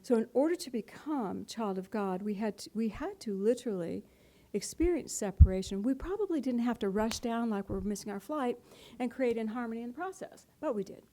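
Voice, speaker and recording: A woman's voice: on the high side, animated, a little fast, few pauses, mellow. A middle-aged woman, a spiritual teacher, giving a playful, conversational talk to a live audience and laughing often.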